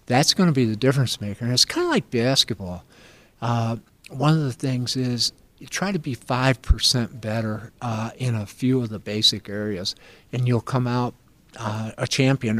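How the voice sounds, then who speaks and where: Earnest older man, folksy storyteller. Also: medium pitch. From upstate New York. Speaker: agricultural finance professor. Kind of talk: interview answers.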